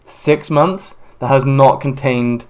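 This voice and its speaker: Chatty and prone to quick asides, a man from Britain co-hosting a podcast rambles in casual conversation. He speaks at a medium pitch with a clear, resonant tone.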